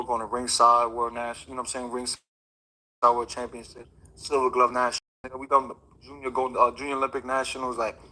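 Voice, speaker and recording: A man's voice: medium pitch, sharp tone, low-quality recording. A man, a boxer, telling a story in a casual, slangy, rambling way with many fillers. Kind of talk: casual interview chat.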